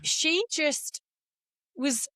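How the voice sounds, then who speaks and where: A woman's voice: high-pitched, extremely slow, sharp tone, no room sound. A woman from England, a former golfer, candidly telling an emotional personal story in an interview, close to tears at times.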